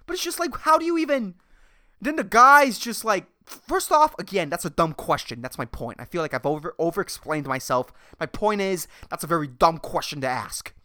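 Swearing, animated male podcaster. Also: high voice, normal speed, no echo, studio quality. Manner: profane, rambling, exasperated ranting. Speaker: podcast host. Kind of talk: casual solo podcast monologue.

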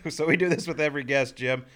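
A man, a former golf pro, co-hosting a studio podcast in casual chat, easygoing and quick to laugh. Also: on the high side, fairly bright tone.

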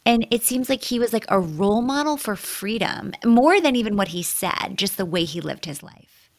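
A woman's voice: medium pitch, expressive, normal speed. Effusive woman podcast co-host. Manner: emotional, effusive. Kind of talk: casual chat.

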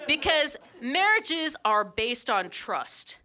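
A woman doing a wry, animated stand-up comedy set on a club stage, through a handheld stage mic. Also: on the high side, measured pace. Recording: live club, audience laughter.

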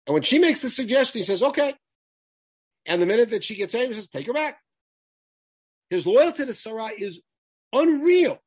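A man's voice: high-pitched, lively intonation, a little fast, long pauses, breathy edge, dry recording. A man teaching a Torah lesson, quoting Hebrew verses and translating them emphatically. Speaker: Bible teacher.

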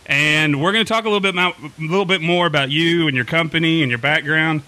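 A man's voice: on the high side, fast talker, bright, forceful tone. A man hosting a casual podcast chat, joking and laughing easily. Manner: jokey, laughs often. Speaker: podcast host.

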